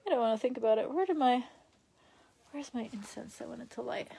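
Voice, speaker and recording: A young woman with a high voice rambles through a casual live stream. She chats loosely and reads viewer comments aloud from a room in her parents' house. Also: expressive, brisk, creaky, dark tone, breathy edge.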